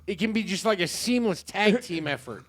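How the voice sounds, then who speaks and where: High-voiced man riffing jokes. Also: expressive, normal speed. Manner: dry jokes, playful riffing. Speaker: podcast co-host. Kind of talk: casual chat.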